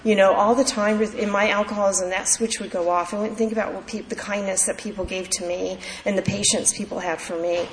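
A woman's voice: medium pitch, steady tone, fairly quick, hardly any pauses. A woman candidly sharing her personal recovery story at a meeting, in a heartfelt storytelling manner. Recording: echoey hall with faint background noise.

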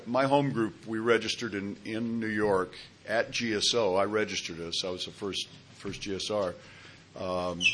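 A man's voice: deep voice, fairly bright tone, slight background noise. A man speaking at a recovery meeting, telling a personal story in a conversational way and acting out the dialogue. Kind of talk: personal testimony talk.

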